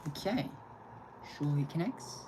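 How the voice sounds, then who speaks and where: A man's voice: on the high side, expressive, normal speed, background noise. A man doing amateur live-stream race commentary in a chatty way, breaking into exclaimed, rambling frustration.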